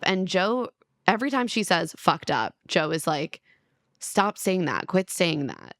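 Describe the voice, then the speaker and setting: A woman's voice: medium pitch, lively intonation, measured pace, fairly bright tone, no echo, studio quality. A woman co-hosting a podcast who retells reality-show scenes animatedly and laughs often in casual chat. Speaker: podcast co-host.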